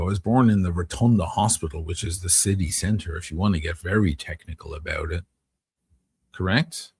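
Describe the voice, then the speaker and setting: A man's voice: low voice, fairly quick, gravelly, darkish tone, husky, no echo. A middle-aged man from Dublin with a Dublin Irish accent, telling rambling, profane stories and answering viewers on a live stream. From Ireland. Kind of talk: casual live-stream storytelling.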